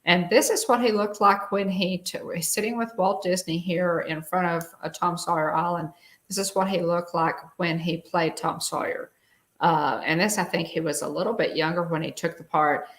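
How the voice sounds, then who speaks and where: A middle-aged woman co-hosts a casual live stream, rambling along with lots of fillers and restarts. Her voice sits fairly low, with a fairly even intonation and a moderate pace.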